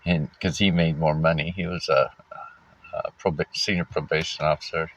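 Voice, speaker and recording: Deep-voiced man telling his story haltingly. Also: fairly even intonation, fairly bright tone. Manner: halting, frequent fillers and restarts, wry laughs. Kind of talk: casual personal storytelling. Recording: dull lo-fi recording.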